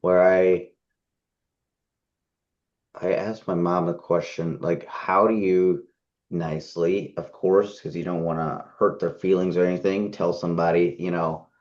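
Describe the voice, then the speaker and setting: A man's voice: sits low, steady tone, measured pace, a little mellow, muffled recording. A young man in a group talk, speaking hesitantly with many ums. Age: young adult. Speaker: group member.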